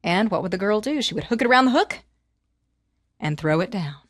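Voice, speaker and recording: A woman telling a fairy tale to children, animated and inviting the listeners to join in the actions. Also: mid-range voice, brisk, no room sound, studio quality. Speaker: storyteller.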